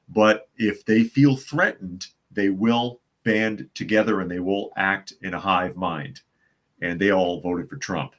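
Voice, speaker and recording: Man, deep low voice, blunt, repeats himself, reads news and chat comments. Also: fairly bright tone. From US South. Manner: blunt, scornful, repeats phrases for emphasis. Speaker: host of a news commentary stream.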